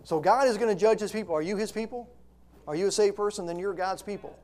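A man's voice: high-pitched, fast talker, a little mellow. A middle-aged man preaching a sermon, reading scripture and then pressing his points with rising intensity.

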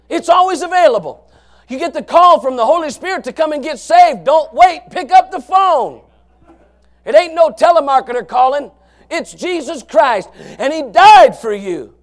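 A man preaching a fiery sermon, swinging from low murmurs to shouted passages in a folksy, emphatic way. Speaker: pastor.

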